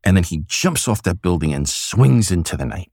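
A man doing an impression of an exuberant elderly comics legend, talking in a booming, theatrical, emphatic way. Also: very animated, normal speed, a little mellow, no echo, clean studio sound. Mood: storytelling.

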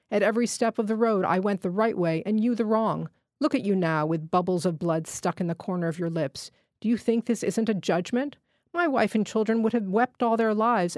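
A woman's voice: medium pitch, darkish tone, no echo, clean studio sound, close to an everyday voice. A woman reading the part of a wounded male electrician who speaks hard and unforgiving. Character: wounded male village electrician, stern and proud.

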